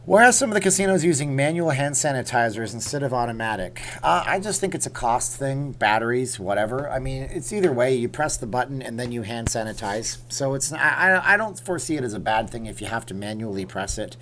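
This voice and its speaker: A man's voice: medium pitch, animated, brisk, few pauses, a bit bright, slight background noise. A man hosting a casual livestream from home, rambling and reading viewer comments aloud. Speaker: livestream host.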